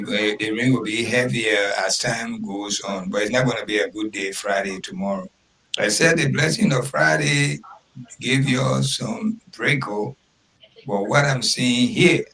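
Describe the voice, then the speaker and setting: A man's voice: on the low side, a bit bright, a little hiss or hum, low-quality recording. A man hosting a radio show, giving an earnest, emphatic weather report and repeating key words. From Liberia. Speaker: radio host.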